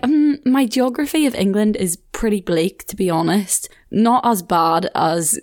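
A young woman with a southern Irish accent, hosting a podcast in casual chat, laughing often and adding quick asides. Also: medium pitch, a little mellow. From Ireland. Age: 20s. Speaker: podcast host.

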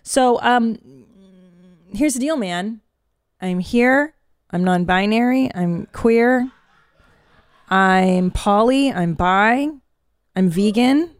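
A woman's voice: a little high, slow pace, long pauses, smooth, no echo. Frank, rambling woman podcast host. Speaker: podcast host and stand-up comedian. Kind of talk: casual podcast chat. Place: studio booth.

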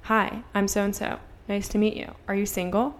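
A young woman in her twenties, co-hosting a podcast, speaks at normal speed in a medium pitch with fairly even intonation. Her storytelling is chatty and filler-heavy, with acted-out dialogue that includes swearing.

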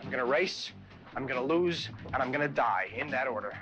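An actor playing a gloomy, awkward teenage boy in a film clip, deadpan and glum. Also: medium pitch, brisk, lightly acted. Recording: muffled film clip, distant, music.

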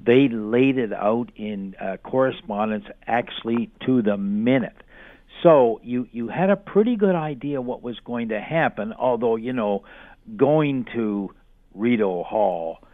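A man's voice: mid-range voice, animated, unhurried, no room sound. A man from Canada calling in as a radio guest, telling his story earnestly and emphatically. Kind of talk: phone interview. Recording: tinny phone line.

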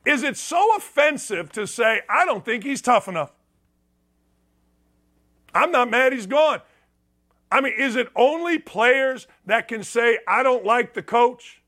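Sports radio host, a man with a high, bright voice, blunt and sarcastic, lively delivery. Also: unhurried, pauses often. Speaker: sports talk show host. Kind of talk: opinionated sports talk monologue.

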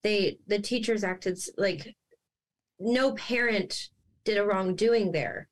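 A woman's voice: mid-range voice, slow. A woman guest and parent speaking earnestly in a podcast interview. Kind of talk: conversational interview.

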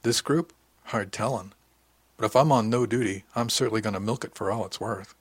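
A man's voice: fairly low pitch, brisk, husky, dry recording. A man voicing a wry, teasing female deck crewwoman in an audiobook.

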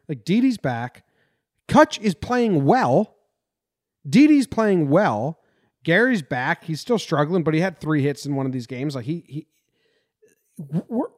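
A man's voice: on the high side, big pitch swings, measured pace, long pauses. A man from New Jersey hosting a casual sports podcast, rambling and venting his frustration. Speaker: podcast host.

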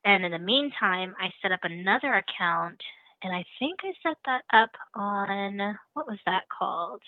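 A woman's voice: mid-range voice, moderate pace, no echo. Woman telling a story over a phone line. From lives in the Netherlands. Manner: animated, laughs often. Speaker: caller. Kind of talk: casual storytelling.

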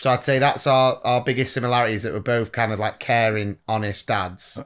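A man's voice: medium pitch, flat delivery, fairly quick, a bit bright, clean tone. A middle-aged man co-hosting a podcast in casual chat, joking and teasing, laughing often. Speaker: podcast co-host.

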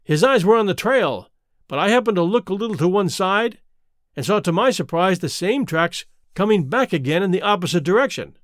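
Guy narrating an old detective story, very animated, dry close mic. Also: high-pitched, brisk, no echo. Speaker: audiobook reader.

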